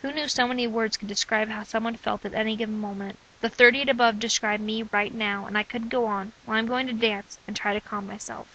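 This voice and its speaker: A young woman reads her personal diary entries aloud in a steady, earnest voice. Her tone is bright and forceful, sitting a little high for a woman. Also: fast talker, hardly any pauses, lo-fi sound, slight background noise. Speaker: narrator of own testimony.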